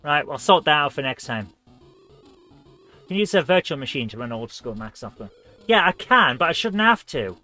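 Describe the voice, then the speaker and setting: A man's voice: a little high, sharp tone. A man hosting a live retro gaming stream, chatting in a rambling, self-mocking way as he plays.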